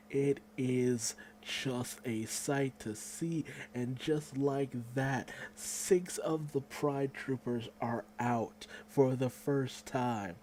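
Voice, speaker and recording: A man giving a casual, excitable manga chapter review, swearing freely and acting out the characters' lines. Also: mid-range voice, slight background noise.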